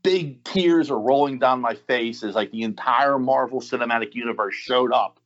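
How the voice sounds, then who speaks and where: Guy chatting on a podcast, rambly and excited, kinda muffled audio. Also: medium pitch, normal speed. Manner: rambling and enthusiastic, many restarts. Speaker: podcast guest. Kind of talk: casual chat.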